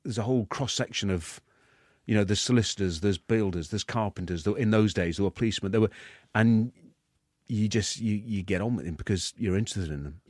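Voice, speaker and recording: A man in his fifties, a guest in an interview, talking in a halting way with many restarts. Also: lowish voice, a little mellow, no room sound, studio quality.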